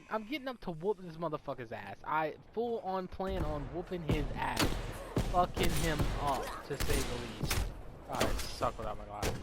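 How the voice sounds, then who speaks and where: A young man telling a story in a casual, profane, animated way while gaming. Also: a little high, normal speed. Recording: loud game gunfire underneath. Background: video game gunfire and voice lines.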